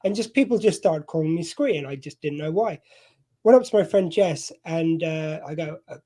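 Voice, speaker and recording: A man's voice: fairly high pitch, quick pace, warm tone. A middle-aged man from southern England, a podcast host, telling a rambling, self-deprecating story in casual chat. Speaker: podcast host being interviewed.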